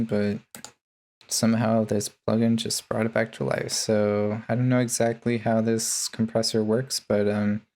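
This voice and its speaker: A man with a low, gravelly voice walks through his mixing chain in a relaxed tutorial. He speaks in a flat, even tone and fills his pauses with ums and uhs. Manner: laid-back, many ums and uhs. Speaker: music producer. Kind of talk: casual tutorial narration.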